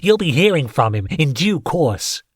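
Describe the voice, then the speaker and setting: A man doing a cocky, higher-pitched landlord. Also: big pitch swings, moderate pace, no echo, clean studio sound. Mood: smug. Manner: sighing, evasive, cocky. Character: weary, defiant human landlord under questioning.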